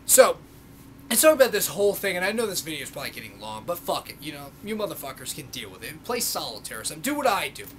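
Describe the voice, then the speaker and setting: Talking fast with big swings in his fairly high pitch, a young vlogger launches into a sarcastic rant for his camera. He curses nonstop and ridicules others through exaggerated impressions.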